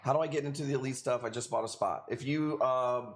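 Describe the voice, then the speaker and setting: A man's voice: mid-range voice, fast, a little hiss or hum. A man hosting a live coral sale stream, chatting casually with viewers in a joking, profane way. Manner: joking, profane, talks to chat.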